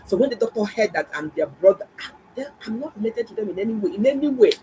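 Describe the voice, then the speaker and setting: A middle-aged woman, a doctor, telling viewers a story in a casual, animated and exclaiming way. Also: mid-range voice, fast, slight background noise, low-quality recording. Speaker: doctor and health vlogger.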